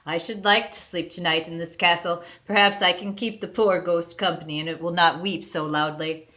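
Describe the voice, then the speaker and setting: A woman reading aloud and voicing a fearless man who speaks calmly and politely. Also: on the low side, moderate pace. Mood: cheerful. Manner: calm, jaunty and polite. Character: fearless cheerful young man Esteban.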